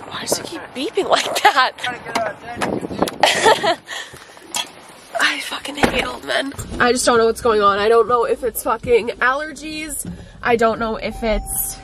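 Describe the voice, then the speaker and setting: A young woman with a congested nose vlogs casually from her car, her voice a little high against a noisy background. She sounds irritated and blunt, cursing often.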